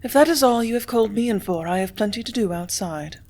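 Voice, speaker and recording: A woman reading a story, voicing a composed young office woman who answers quietly and firmly. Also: on the high side, lively intonation, fast. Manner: quiet, cool, tart.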